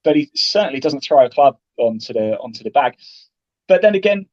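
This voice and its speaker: Fast-talking golf broadcaster. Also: male voice, mid-range voice, no echo, dull audio. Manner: chatty, animated storytelling with acted-out quotes. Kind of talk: casual interview talk.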